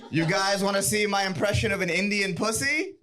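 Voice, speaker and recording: A man's voice: sits high, lively intonation, a little fast. A man doing stand-up on a comedy club stage, delivering punchy setups and chuckling at his own jokes. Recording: live club set with roaring crowd. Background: loud audience laughter.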